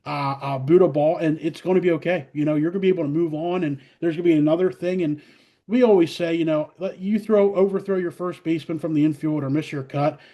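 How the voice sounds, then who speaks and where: A middle-aged man, a college softball head coach, talking casually in an interview and acting out his players' voices as he tells stories. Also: a little high, fast talker, muffled recording. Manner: animated storyteller, acts out players' voices, many fillers.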